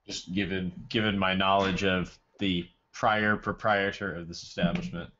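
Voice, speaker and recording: Deep-voiced male player, bright tone, muffled mic. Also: little pitch movement, moderate pace, slight background noise. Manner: asks rules questions. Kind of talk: casual tabletop role-play.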